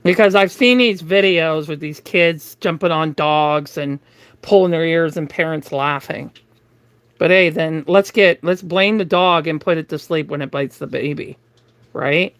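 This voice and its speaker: A middle-aged woman hosting a livestream, telling a story to her chat in a casual, animated way, often laughing and acting out the people in it. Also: low voice, measured pace, clean tone, dry recording. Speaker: livestream host.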